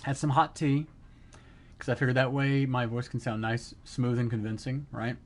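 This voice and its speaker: A middle-aged man streaming live, telling an excited story in casual chat and acting out the quotes. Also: medium pitch, normal speed.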